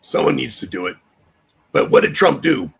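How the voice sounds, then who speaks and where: Gravelly, raspy man ranting heatedly. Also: medium pitch, animated, moderate pace. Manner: addresses chat viewers directly. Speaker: livestream host. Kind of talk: political commentary rant.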